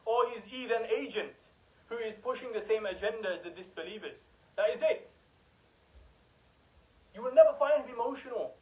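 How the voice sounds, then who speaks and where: High-voiced man preaching with fervor. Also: normal speed, long pauses, a little mellow, rough recording. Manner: emphatic, rhetorical, mocking. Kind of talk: impassioned religious talk.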